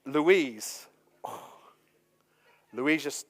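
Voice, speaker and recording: A man delivers a sermon, leaning on playful anecdotes and frequent fillers. His voice sits a little high for a man. The sound carries the long reverb of a large hall. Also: moderate pace, smooth. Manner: jokey, anecdotal, lots of fillers. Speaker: pastor. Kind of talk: sermon with personal stories.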